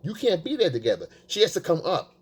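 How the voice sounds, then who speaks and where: A man giving casual, profane dating advice, emphatic and blunt, acting out quotes in a high voice. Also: huge pitch swings, fast, breathy edge. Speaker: dating coach. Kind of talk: casual coaching monologue.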